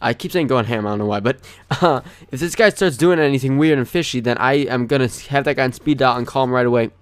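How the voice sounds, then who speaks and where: A man's voice: medium pitch, fast, smooth, no echo. A young man, a gaming channel host, telling a story in a rambling, chatty way over gameplay, full of "like".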